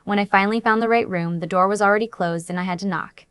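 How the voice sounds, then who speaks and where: A woman's voice: medium pitch, fairly even intonation, quick pace, fairly bright tone, clean tone, no echo. A woman reading a first-person romance story aloud in an earnest, dramatic storytelling manner. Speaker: audiobook narrator.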